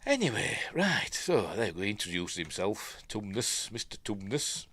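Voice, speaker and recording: A man's voice: fairly low pitch, very animated, normal speed, fairly bright tone, breathy edge. A man with a Yorkshire accent giving a rambling, casual film breakdown, full of ums and asides to himself. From Yorkshire, England. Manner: rambling, many ums and self-questions. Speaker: film reviewer.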